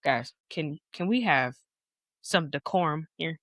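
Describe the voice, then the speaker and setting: Lively, teasing young woman. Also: deep voice, a little slow, no echo, clean studio sound. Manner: teasing, playfully bossy. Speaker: co-host, daughter. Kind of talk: casual family podcast chat.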